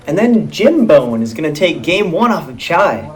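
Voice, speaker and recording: A man playing a screenwriter in a comedy sketch, matter-of-fact and mildly exasperated as he pitches. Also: big pitch swings, normal speed.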